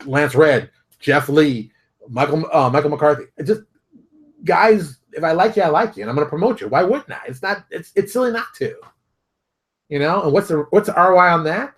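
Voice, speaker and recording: A man hosting his own show, talking straight to viewers in a fired-up, preachy rant full of rapid rhetorical questions. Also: a little high. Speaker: show host. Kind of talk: animated solo commentary.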